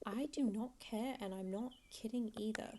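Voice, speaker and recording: A woman voicing a cold, angry teenage girl in a video game who talks in curt, hushed lines. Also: fairly high pitch, fairly even intonation, moderate pace, noisy background, close to an everyday voice. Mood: hostile. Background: game music.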